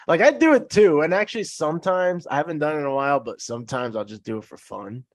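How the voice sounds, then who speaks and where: A man's voice: on the high side, expressive, fast talker, hardly any pauses, no echo. A man as a podcast guest in casual chat, laid-back and rambling, often laughing.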